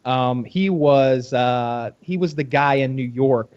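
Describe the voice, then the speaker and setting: A man chats loosely as a podcast co-host, laughing often and trailing off as he searches for words. His voice sits mid-pitch and the audio is a little dull. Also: slow pace, darkish tone, no echo. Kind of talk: casual chat about TV shows.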